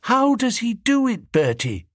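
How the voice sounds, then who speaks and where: A man voicing a cheerful, chummy young gentleman who talks in a breezy way. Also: extremely high pitch, sing-song, measured pace, dry recording, clean studio sound, pitched above the performer's own voice, exaggerated voice.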